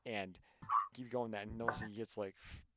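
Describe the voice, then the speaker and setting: A teenage boy talks in a rambling, stammering way, often repeating himself as he chats on a casual podcast. His voice sits a little low. Steady hiss and noise run under the amateur recording. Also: fast, muffled recording. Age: teens. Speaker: podcast host. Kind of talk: casual chat.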